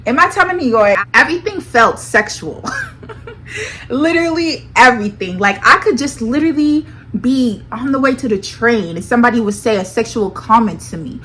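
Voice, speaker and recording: A young woman telling a personal story to her viewers in a dramatic, animated, slang-heavy way, often calling them y'all. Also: a little high, normal speed. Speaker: storytime vlogger. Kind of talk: casual storytelling.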